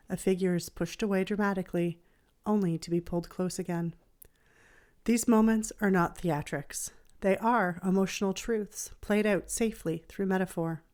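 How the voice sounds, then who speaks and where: A woman therapist hosting a podcast, reading her reflective script in a gentle, measured, soothing way. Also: mid-range voice. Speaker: child therapist and podcast host.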